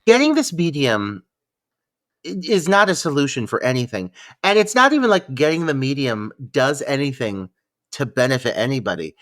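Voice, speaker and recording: A man's voice: medium pitch, sing-song, moderate pace, fairly bright tone. A man co-hosting a film podcast, joking and self-deprecating in casual chat. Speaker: podcast co-host.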